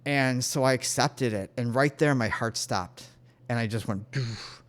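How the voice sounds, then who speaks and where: A man speaks straight to his viewers about a spiritual experience, at an ordinary middle pitch. His delivery is earnest and emotional, and he keeps breaking off and restarting his sentences. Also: normal speed. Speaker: spirit guide. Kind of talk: personal spiritual storytelling to camera.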